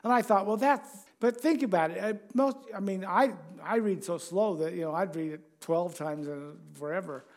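High-voiced man preaching a sermon. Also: normal speed. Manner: conversational, chuckling, asks the congregation questions.

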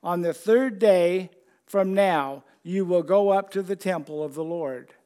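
High-voiced man preaching a sermon. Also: measured pace, mellow, smooth. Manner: repeats phrases for emphasis, conversational.

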